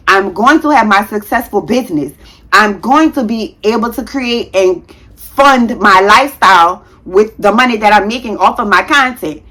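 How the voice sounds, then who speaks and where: A young woman talks straight to her viewers in a personal vlog, firm and determined. She leans on her words and repeats short phrases to drive her point home, at an ordinary middle pitch. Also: fairly bright tone, low-quality recording. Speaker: vlogger; nurse. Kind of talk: personal life update vlog.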